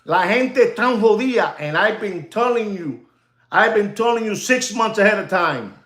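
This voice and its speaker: A man's voice: high-pitched, animated, normal speed, a bit bright, roomy sound. A man hosting a livestream as a watch dealer, ranting emphatically, repeating himself and dropping Spanish phrases.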